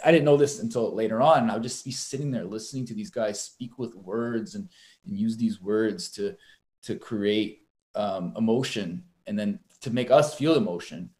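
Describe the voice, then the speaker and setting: A man's voice: lowish voice, moderate pace, a little mellow. A young man, a boxer and poet, talking casually in an interview, telling rambling stories full of fillers and swearing. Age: young adult. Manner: rambling, profane storytelling with many fillers. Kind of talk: casual conversation.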